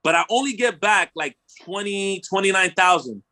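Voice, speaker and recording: High, bright-voiced man telling a wild story. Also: moderate pace. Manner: animated storyteller, slangy, swears, acts out his own quotes. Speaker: podcast host. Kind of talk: casual storytelling chat.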